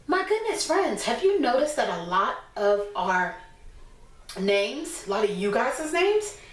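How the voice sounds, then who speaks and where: A woman teaching a class of small children, with a slow, sing-song teacherly way of talking. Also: high voice. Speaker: preschool teacher. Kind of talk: online class lesson for young children. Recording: echoey room, voice from a distance.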